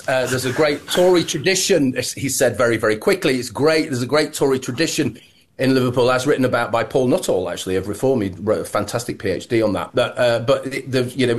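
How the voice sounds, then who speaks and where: A man's voice: medium pitch, a little hiss or hum. A man co-hosting a casual political chat, sardonic and mocking, often restarting his sentences. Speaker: co-host.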